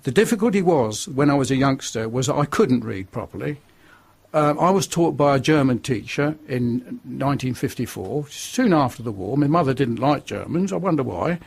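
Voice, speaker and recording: A man's voice: mid-range voice, lively intonation, moderate pace, creaky, darkish tone, husky. An older man from northern England, a radio interview guest telling his testimony in a forthright, preachy way.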